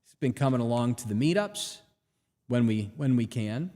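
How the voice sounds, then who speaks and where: A man hosting a live talk show, delivering an animated, ranting monologue full of rhetorical questions. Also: mid-range voice, moderate pace, in a large hall. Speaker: host.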